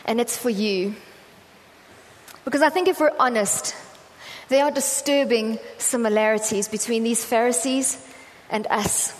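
A woman with a somewhat high voice, preaching in a casual, storytelling way and filling her talk with "um" and "you know". Her voice rings out with a long reverb across a church hall, with faint ambience underneath. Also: slight background noise. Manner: chatty, self-deprecating storytelling with many fillers. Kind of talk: conversational sermon.

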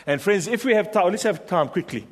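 A man's voice: high-pitched, animated, fairly quick. A man preaching a sermon, emphatic and repetitive, rallying his congregation with questions and refrains. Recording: long reverb of a large hall.

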